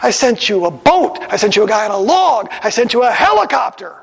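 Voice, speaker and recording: A man voicing God as blunt and exasperated, speaking flatly. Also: high voice, fairly quick, gravelly, slightly rough, in a large hall, exaggerated voice.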